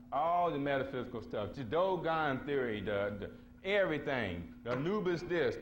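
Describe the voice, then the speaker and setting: A man's voice: a little high, a little hiss or hum. A man speaking at a conference. He tells stories to a live audience in blunt, slangy, emphatic talk and acts out the voices he quotes. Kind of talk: casual storytelling lecture to a live audience. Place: conference hall before an audience.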